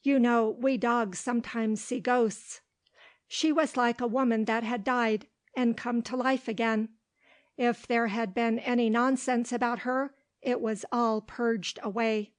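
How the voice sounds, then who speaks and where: A woman narrating an audiobook with steady, clear storytelling. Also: on the high side, measured pace. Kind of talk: audiobook reading.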